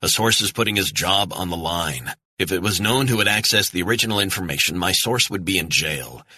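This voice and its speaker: A man's voice: deep voice, a little fast, pushed and bright, husky, dry recording, full character voice. A man doing an earnest, pressing reporter. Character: middle-aged male journalist, earnest and persuasive.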